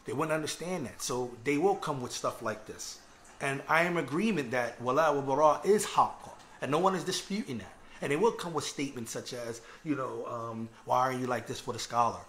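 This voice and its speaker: A man's voice: mid-range voice, fairly quick, a bit bright, slight background noise. A man delivering a religious lecture, earnest and conversational, often checking in with his listeners. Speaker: Islamic lecturer.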